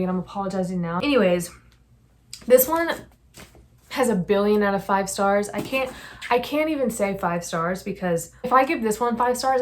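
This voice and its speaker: A woman's voice: mid-range voice, a little hiss or hum. A young woman chatting casually about her favorite books, gushing and rambling with effusive enthusiasm. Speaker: book vlogger. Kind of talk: casual book review chat.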